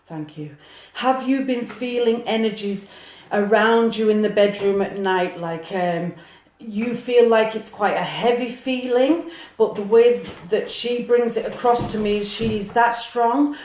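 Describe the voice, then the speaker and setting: A woman's voice: a little high, takes it slowly, darkish tone, reverberant. A woman doing a live-streamed psychic reading, earnest and emotional, talking to viewers by name. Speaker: psychic medium.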